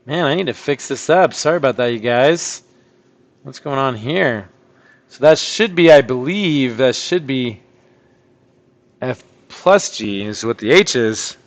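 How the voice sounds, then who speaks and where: A man teaching an online math lesson, working through problems out loud in a chatty way and breaking into surprised exclamations. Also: on the high side. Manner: thinking aloud, chatty, with sudden surprised outbursts.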